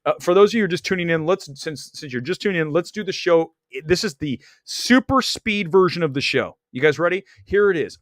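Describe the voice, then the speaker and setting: A man's voice: fairly high pitch, expressive, a little fast, hardly any pauses, dry recording, studio quality. Blunt, rambling man hosting a live stream. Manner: blunt, opinionated, rambling with restarts. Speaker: livestream host. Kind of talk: animated live-stream chat.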